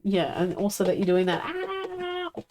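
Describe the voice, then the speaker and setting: A woman's voice: medium pitch, expressive, measured pace, background noise. A woman streaming live, chatting casually and coaxing and playfully scolding her pets.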